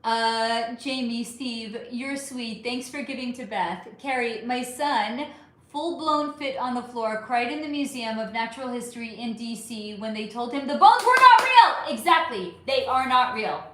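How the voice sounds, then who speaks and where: An echoey room carries a woman's voice that sits on the high side, fairly bright and a little slow. She's a middle-aged host of a casual livestream, reading comments from viewers, chatty and fond, calling them honey and swearing liberally.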